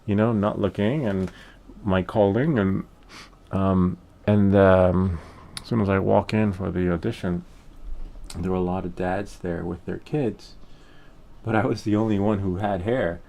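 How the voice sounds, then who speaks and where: A man's voice: sits low, fairly even intonation, a little slow, creaky, dark tone. A middle-aged man hosting a hobby painting channel, telling a rambling, candid story in a casual way with the odd curse word. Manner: rambling, candid, occasional swearing.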